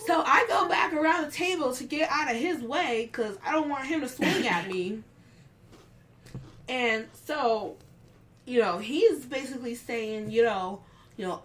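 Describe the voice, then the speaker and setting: This woman speaks in a slightly high voice and never rushes. She tells a story from her job in casual chat, acting out the quotes of the people involved. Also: lively intonation, a bit bright, a little hiss or hum. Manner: unhurried, acts out the quotes of others with raised voices. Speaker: guest telling a work story.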